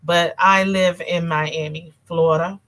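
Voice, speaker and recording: Over a noisy crowd, a North Carolina woman with a country twang hosts a casual political show in a lowish, steady voice at a measured pace. She's chatty with viewers, reading comments and calling everyone y'all.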